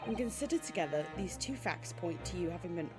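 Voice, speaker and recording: A woman's voice: on the low side, expressive, brisk, lightly acted. A woman voicing a pompous, eccentric male detective in a put-on bad British accent, with theatrical, grandiloquent delivery and game music behind. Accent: put-on British, admittedly bad.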